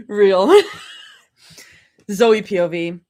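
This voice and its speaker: A woman's voice: high voice, darkish tone. A woman live-reading fanfiction aloud, often breaking off to laugh and chat with her viewers. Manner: giggly, breaks off to react and chat. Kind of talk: live reading with chatty reactions.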